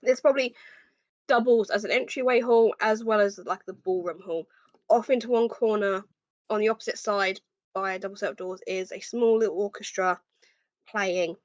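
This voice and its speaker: A woman's voice: mid-range voice, steady tone, no echo, lo-fi sound. Woman narrating as game master. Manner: descriptive, frequent "um" pauses.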